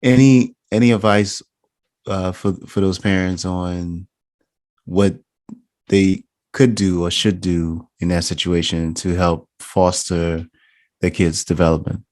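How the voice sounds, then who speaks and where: A male podcast host with a fairly low voice asks long, winding questions. He speeds up and grows animated when he argues a point. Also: slow pace. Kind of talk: casual interview chat.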